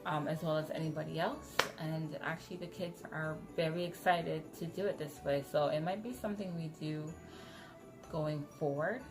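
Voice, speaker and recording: A woman with a notably low voice talks to camera in a casual, chatty way, excited and quick to correct herself. She has retainers in, which softens her consonants a little. Faint music plays underneath. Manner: talking with retainers in, slightly muffled. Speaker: vlogger.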